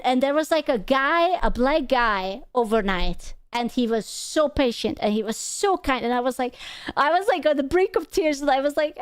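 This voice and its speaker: A young woman, a non-native English speaker, streaming as a VTuber and telling a story in casual chat, animated, stammering through restarts and swearing freely. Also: medium pitch, clean tone, dry recording, studio quality. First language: not English. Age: young adult.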